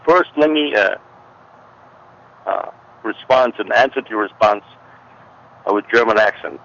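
A man's voice: fairly low pitch, lively intonation, normal speed, a bit bright. A man who is a guest on an interview show, explaining at length in an emphatic way and repeating warnings. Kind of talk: conversational explanation. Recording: dull lo-fi audio.

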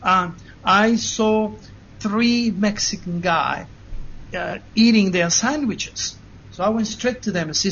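A man giving an earnest, animated first-person account to an interviewer, with frequent restarts. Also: high-pitched, takes it slowly, slight background noise. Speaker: interview guest. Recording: dull lo-fi recording.

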